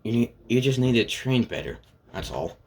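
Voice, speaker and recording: A man voicing a calm, confident young male fighter who gives steady, low-key advice in his own everyday voice. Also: normal speed, breathy edge.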